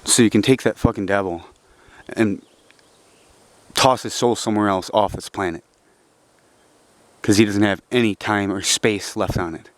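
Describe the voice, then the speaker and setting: A young man in a rambling, profane monologue, agitated and preachy, dropping to low, frustrated mutters. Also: steady tone, normal speed, long pauses, no echo. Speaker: vlogger.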